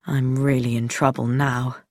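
A captured older man, wry and defiant, voiced by a woman in a dropped, lower register. He sounds indignant but steady, and the reading is dry and close. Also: measured pace, no room sound. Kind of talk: audiobook reading.

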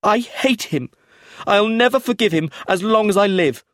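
A man voicing a distraught, bitter young man who speaks high and loud with a shaking voice in a storybook reading. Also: animated, moderate pace, no echo, studio quality. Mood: anguished.

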